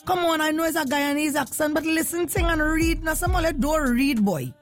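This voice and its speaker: Lively, high-voiced woman hosting a morning radio show, casual chat over faint music. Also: a little fast. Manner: lively, chatty, laughs often.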